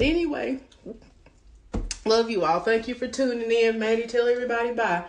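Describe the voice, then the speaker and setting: A woman's voice: on the high side, moderate pace, long pauses, darkish tone, slight background noise. A woman hosting a home cooking livestream from her kitchen, chatting in a folksy way and calling her listeners honey. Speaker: home cooking show host. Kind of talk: casual livestream chat.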